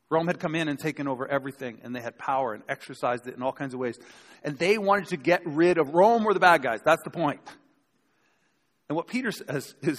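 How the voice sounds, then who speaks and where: A man's voice: on the high side, fairly bright tone. A man preaching a sermon in a conversational way, acting out the people he quotes. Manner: conversational, acts out quoted speakers. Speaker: pastor. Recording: long hall reverb.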